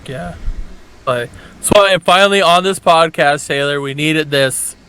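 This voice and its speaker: A man on his first podcast appearance, chatting excitedly and crudely. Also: fairly high pitch, measured pace, clear, resonant tone. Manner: excitable, profane. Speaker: podcast guest. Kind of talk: casual chat.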